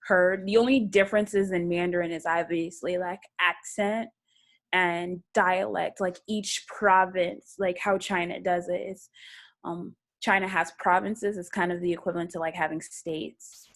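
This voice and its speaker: A woman guest in a casual video interview, relaxed and laughing often, correcting herself as she talks. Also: fairly low pitch, a little slow. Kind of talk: casual video-call chat. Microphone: video call.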